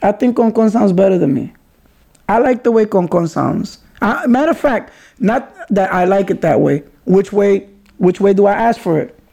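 A man's voice: high voice, expressive, moderate pace, vocal fry, mellow. A young man from the Bronx hosts a casual solo podcast, chatty and playful, often correcting himself mid-sentence. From Bronx, New York. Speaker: podcast host.

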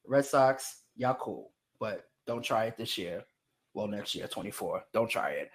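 A man's voice: on the low side, animated, a little slow. A man with a New York accent co-hosting a podcast in a playful, opinionated casual chat. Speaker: podcast co-host.

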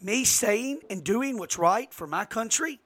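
Host, male, high bright voice, fired-up political rant with loud jumps. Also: lively intonation, unhurried. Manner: emphatic, rising to sudden loud outbursts. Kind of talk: impassioned political monologue.

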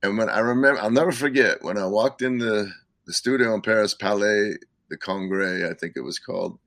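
A man's voice: on the low side, fairly quick, fairly bright tone, no echo. A man being interviewed as a guest musician, telling stories in a rambling way with frequent chuckles and restarts. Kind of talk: casual interview storytelling.

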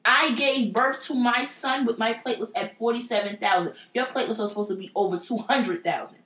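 A woman's voice: a little high, brisk, fairly bright tone. A woman telling a personal story in a blunt, profane and emphatic casual way. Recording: roomy echo.

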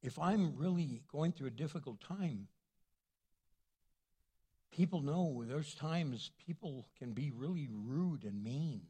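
Older male preacher, high voice, playful storyteller, laughs at his own jokes. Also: lively intonation, slow pace, mellow, breathy edge. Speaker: pastor. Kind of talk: sermon.

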